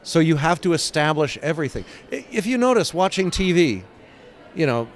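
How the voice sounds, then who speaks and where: A man's voice: a little high, normal speed. Older man telling stories animatedly. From England. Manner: animated, acts out scenes with sound effects and quoted voices. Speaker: guest, comic book writer. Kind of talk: casual interview storytelling.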